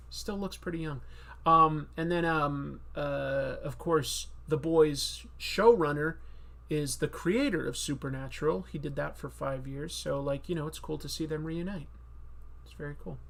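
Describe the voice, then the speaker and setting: A man's voice: fairly high pitch, vocal fry, fairly bright tone. A man hosting a casual live-stream Q&A about comics, chatty and rambling with many fillers. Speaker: comic book video host.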